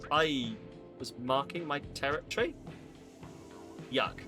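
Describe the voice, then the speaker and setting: A man on a live stream playing a game, reading its dialogue aloud and thinking out loud, with lively delivery. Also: mid-range voice, moderate pace, over music.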